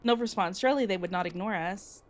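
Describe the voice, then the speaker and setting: A woman's voice: mid-range voice, fast talker, natural voice. A woman reading aloud the formal speeches of a resolute woman leading an order in a game.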